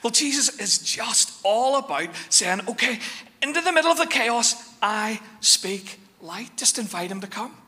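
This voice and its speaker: A man preaching a sermon as pastor, telling stories with lively shifts between quick bursts and slow, weighty phrases. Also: extremely high pitch. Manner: animated storytelling, shifting fast and slow. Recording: long hall reverb.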